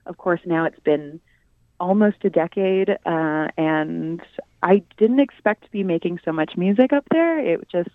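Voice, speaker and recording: A woman's voice: on the low side, lively intonation, unhurried, no room sound. A Canadian singer-songwriter in her thirties, chatting in an interview with lots of ums and little laughs. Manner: giggly, hesitant, lots of ums. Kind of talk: casual interview. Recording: dry, phone-like narrow sound.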